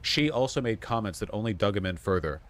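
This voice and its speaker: A man's voice: lowish voice, expressive, quick pace, fairly bright tone, a little hiss or hum. A man reading news stories aloud and breaking off into sarcastic, profane asides as a political commentator.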